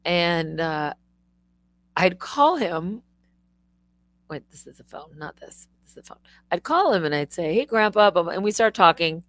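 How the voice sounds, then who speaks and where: A middle-aged woman hosting a live stream, telling stories in a rambling, animated way with swearing and restarts. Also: fairly low pitch, measured pace, long pauses, no room sound. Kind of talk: casual live-stream monologue.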